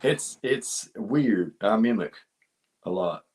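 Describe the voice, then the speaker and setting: A man's voice: lowish voice, animated, takes it slowly, darkish tone, husky. A man in casual, joking chat as co-host, self-mocking and swearing freely. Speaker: comedian co-host.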